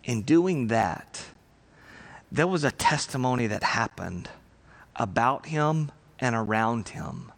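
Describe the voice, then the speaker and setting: A man preaching a sermon as pastor, earnest and emphatic, with reflective pauses. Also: mid-range voice, animated, creaky, fairly bright tone.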